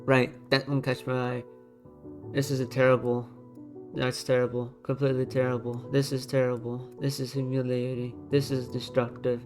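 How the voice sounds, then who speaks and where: A man's voice: mid-range voice, monotone, normal speed, faint music behind. A man giving casual commentary as he ranks designs. He talks bluntly and repeats himself, thinking aloud, and keeps his voice down so he won't overload his microphone. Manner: blunt, repetitive, thinks aloud while dragging items. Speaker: YouTuber ranking designs. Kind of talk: casual screen-recorded commentary. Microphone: desk microphone.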